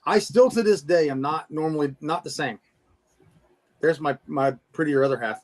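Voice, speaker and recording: Guest, male, fairly high voice, excitable storyteller who stumbles over his words. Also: normal speed. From Florida. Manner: animated, stammering restarts, laughs at himself. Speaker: Bigfoot investigator guest. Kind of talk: casual storytelling interview.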